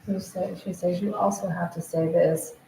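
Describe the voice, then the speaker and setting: A woman's voice: fairly low pitch, fairly even intonation, normal speed, gravelly. Agitated woman rambling in an echoey room. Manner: agitated, repeatedly relaying what others said. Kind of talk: rambling monologue to camera. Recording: roomy echo, faint background noise.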